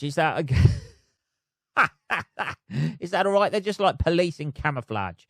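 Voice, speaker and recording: A man's voice: on the high side, expressive, a little slow, gravelly, long pauses, a bit bright, no echo, clean studio sound. A man hosting a podcast alone, rambling in a sweary, self-mocking way. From United Kingdom. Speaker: podcast host. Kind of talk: casual solo rant. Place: flat.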